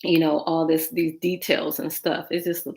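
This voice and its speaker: A woman's voice: deep voice, normal speed, vocal fry. A woman dating coach hosting a podcast, giving casual advice and acting out text exchanges in quoted voices. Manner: animated, acts out texts in quoted voices.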